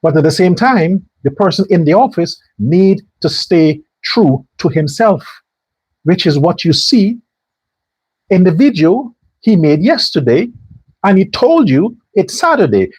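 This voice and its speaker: A man's voice: high-pitched, a little mellow, breathy edge, no room sound. A man hosting a political commentary show, delivering a sarcastic and preachy rant. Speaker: host.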